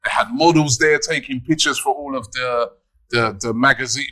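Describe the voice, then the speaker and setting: A man's voice: mid-range voice, normal speed. A man hosting a casual football chat show, bantering and joking with his co-hosts. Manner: lively, jokey banter. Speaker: show host.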